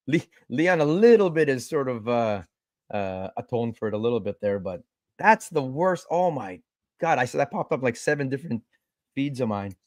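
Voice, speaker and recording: A man hosting a casual podcast chat, excitable and profane, peppering his talk with bro and man. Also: medium pitch, normal speed, no room sound, clean studio sound. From Canada. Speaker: podcast host.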